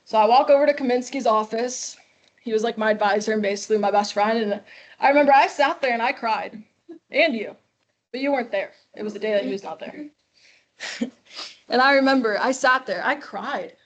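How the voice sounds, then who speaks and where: Lively young woman telling her story. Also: a little high, brisk. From Chicago. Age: 20s. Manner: lively, acts out quoted dialogue. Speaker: guest speaker. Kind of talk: storytelling talk to a class. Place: classroom.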